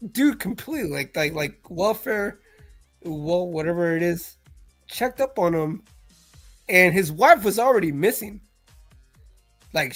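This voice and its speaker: A young man chatting casually on a live stream, telling stories with lots of fillers and shouting out quoted lines. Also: high voice. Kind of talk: casual chat. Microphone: live stream call mic.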